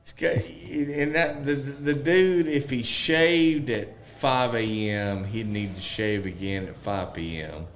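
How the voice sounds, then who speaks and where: A man in his forties in casual podcast chat, telling a folksy story and acting out the dialogue with animated pitch jumps. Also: slow pace, few pauses, a little hiss or hum. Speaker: podcast guest, construction expert.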